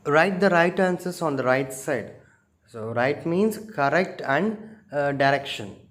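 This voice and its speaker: A male school teacher with an Indian English accent, leading a slow, careful revision lesson and explaining word meanings one by one. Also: a little high, animated, a bit bright.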